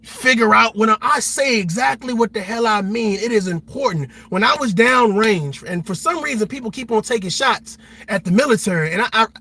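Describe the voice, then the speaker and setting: An army veteran hosting a livestream, talking passionately in a blunt, repetitive, profane way. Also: male voice, high voice, animated, a little fast, hardly any pauses, sharp tone. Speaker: livestream host.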